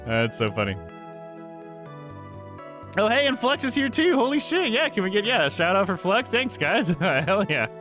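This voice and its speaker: Casting: relaxed young male streamer, lively voice, loose and cheerful with chat, music playing behind. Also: high voice, moderate pace, pauses often. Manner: laid-back, swears freely, laughs often. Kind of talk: casual live-stream chat.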